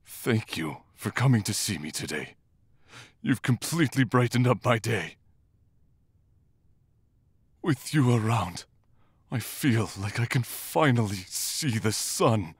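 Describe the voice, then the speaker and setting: A man voicing a gentle, tearful demon-hunting monk in a romantic character audio role-play, talking in a shy, halting, emotional way. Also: on the low side, expressive, dry recording, clean studio sound, exaggerated voice. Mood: tender. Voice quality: soft, husky, slow and tender.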